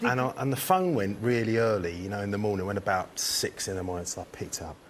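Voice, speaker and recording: A man telling a lively, chuckling anecdote. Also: on the low side, quick pace, slight background noise. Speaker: musician. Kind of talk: casual anecdote.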